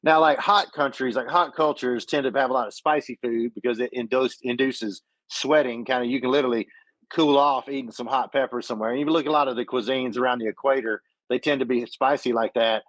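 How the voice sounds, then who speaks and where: A man's voice: mid-range voice, fairly even intonation, brisk, fairly bright tone, no echo, poor audio. Man telling stories, dry sound. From western Georgia, USA. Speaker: podcast co-host. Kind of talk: casual chat.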